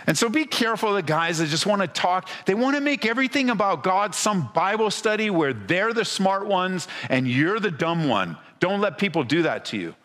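A pastor delivers a sermon to a congregation in a church hall, his high, sing-song voice moving at a moderate pace with hardly any pauses. He talks conversationally, firing off rhetorical questions and often restarting, and the slightly bright sound carries the feel of a large hall.

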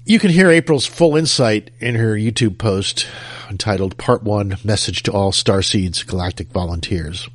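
A man hosts a talk radio show in an easygoing conversational way. His voice sits low and sounds a bit husky. He chuckles now and then between his thoughts. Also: normal speed, dry recording.

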